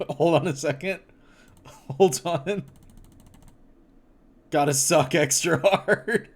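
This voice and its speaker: A man streaming casually, laughing often and reacting to things with loud mock horror and swearing. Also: a little high. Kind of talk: casual livestream chat.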